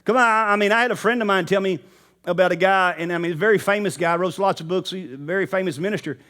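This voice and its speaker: A man's voice: high-pitched, fast talker, bright, forceful tone. A man preaching a sermon in church, talking casually and straight to the congregation. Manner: conversational, addresses the congregation directly.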